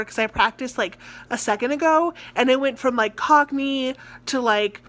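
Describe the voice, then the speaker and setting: Young American woman, theatre-student vlogger, slightly high-pitched, loose rambling rant. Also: moderate pace, few pauses, a bit bright. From United States. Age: young adult. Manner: rambling, ranting, heavy on filler words. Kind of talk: casual vlog chat.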